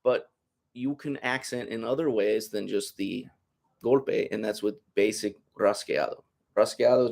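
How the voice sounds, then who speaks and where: Low-voiced man teaching flamenco guitar. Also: moderate pace, gravelly. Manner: loose, rambling explanation, counting beats aloud while playing. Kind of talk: masterclass demonstration. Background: loud guitar playing.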